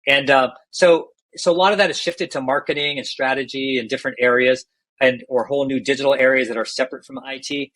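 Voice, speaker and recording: A man's voice: medium pitch, steady tone, fast, a bit bright, rough recording. A middle-aged man, a healthcare executive, candidly telling stories in a podcast interview and often restarting his phrases.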